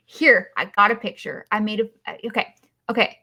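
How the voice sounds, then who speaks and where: A woman's voice: mid-range voice, moderate pace, sharp tone, husky. A woman hosting a podcast, recapping a film in a casual, rambling and sarcastic way with many filler sounds. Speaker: podcast host.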